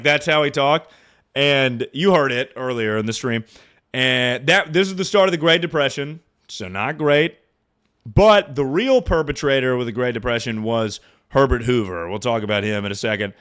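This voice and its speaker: A young man streaming, rambling and joking with lots of swearing and quick impressions. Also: medium pitch, a bit bright. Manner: rambling, profane, jokey, often slips into impressions. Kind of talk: casual livestream commentary.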